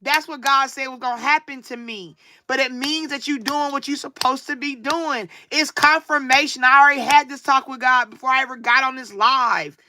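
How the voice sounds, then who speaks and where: A woman's voice: sits high, fairly even intonation, normal speed, hardly any pauses, sharp tone, a little hiss or hum. A woman, talking casually and sarcastically to her livestream viewers, with a preacher-like cadence. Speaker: livestream tarot reader.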